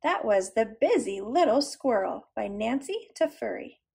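A woman's voice: fairly high pitch, big pitch swings, unhurried, creaky, a little mellow, breathy edge. A woman leading a preschool circle time lesson and reading a picture book aloud, encouraging and sounding out letters. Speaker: preschool teacher.

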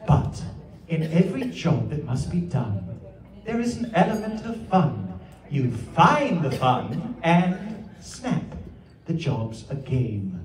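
A man hosts a live event in a public square with playful, theatrical banter. His voice sits high and swings widely. The mic is distant and echoey, with a crowd audible behind. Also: darkish tone. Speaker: emcee. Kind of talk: emceeing a live community event.

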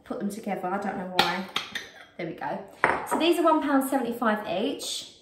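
A woman's voice: medium pitch, animated, moderate pace, heavy background noise. A British woman vlogging a casual shopping haul at home, chatty and rambling with frequent ums, a bit out of breath. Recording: roomy echo, distant mic.

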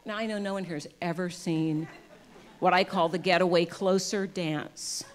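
A woman speaking as a guest at a church service, giving an inspirational talk on love and spirituality with self-deprecating humor. She swings from soft and intimate to loud and emphatic and acts out the voices of people in her stories. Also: lowish voice, steady tone, moderate pace. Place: in front of a live congregation.

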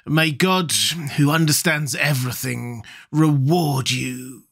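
A man voicing a starving, haunted shipwrecked man who speaks in a husky, pleading, broken way. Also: on the high side, slow pace, fairly bright tone, heavily acted. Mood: hopeless. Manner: hopeless, pleading, broken speech.

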